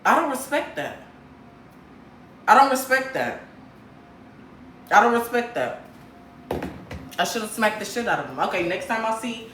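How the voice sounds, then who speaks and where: Woman from Michigan, livestream host, blunt and profane, lively swooping pitch, roomy echo. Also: a little hiss or hum. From Grand Rapids, Michigan, USA. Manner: blunt, profane, animated ranting. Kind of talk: casual livestream chat with viewers. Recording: roomy echo, faint background ambience.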